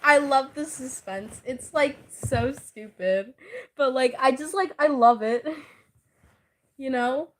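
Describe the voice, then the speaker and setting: High-voiced, giggly, teasing woman. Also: slow pace. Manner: giggly, teasing, laughs often; swears casually. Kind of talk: casual chat.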